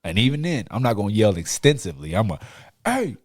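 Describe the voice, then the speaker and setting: A man hosting a casual podcast chat, telling animated stories with frequent laughs and casual swearing. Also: on the low side, quick pace, no room sound. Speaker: podcast host.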